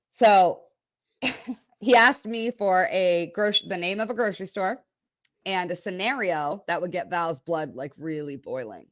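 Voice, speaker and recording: Low-voiced woman telling a lively story. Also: normal speed, dry recording. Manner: animated, laughs often, quotes people in voices. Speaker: podcast guest, business owner. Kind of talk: casual storytelling. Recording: dull lo-fi dry audio.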